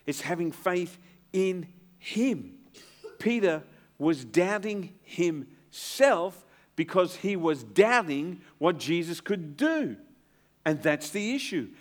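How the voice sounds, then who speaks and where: A middle-aged man, a pastor, preaching a sermon in an earnest, emphatic way and dropping to a hushed tone to reassure. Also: high voice.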